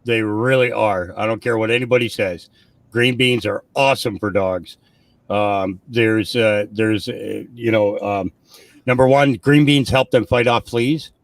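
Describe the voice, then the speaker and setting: A low-voiced man with a gravelly creak rambles through a casual livestream chat, leaning on ums and uhs as he goes. His voice is dry and close, with no room echo at all. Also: fairly even intonation, measured pace.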